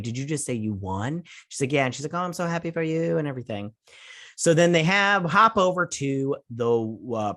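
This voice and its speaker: Rambling male host, casual recap, many fillers, mid pitch, dry close sound. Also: fairly bright tone, dry recording. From United States.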